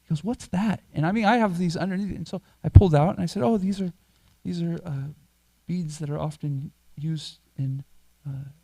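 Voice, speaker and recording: A middle-aged man serves as a temple priest, telling a personal story in his sermon. His voice sits a little high, soft and warm in tone. He talks chattily and pokes fun at himself as he goes. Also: a little fast, vocal fry. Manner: chatty, self-deprecating storyteller who chuckles at himself. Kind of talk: sermon told through a personal anecdote. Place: temple hall.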